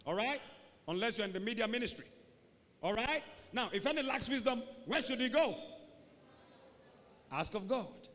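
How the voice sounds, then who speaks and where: A man preaching a sermon as pastor, animated, swinging from booming shouts to low mocking asides. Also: moderate pace, long pauses. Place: church hall. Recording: reverberant church hall.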